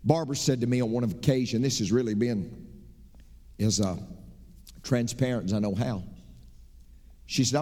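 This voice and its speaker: A middle-aged man preaching a sermon as pastor, telling folksy stories and moving between loud emphatic lines and soft confiding asides. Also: fairly low pitch. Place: church sanctuary. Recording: reverberant church sanctuary.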